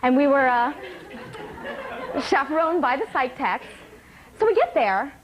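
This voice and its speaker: Wry woman doing stand-up in a little theater, highish voice, laughs a lot. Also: very animated, measured pace, dull audio, a crowd in the background, noisy background. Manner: wry, laughs between lines. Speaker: comedian. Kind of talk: stand-up one-woman show. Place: small theater stage.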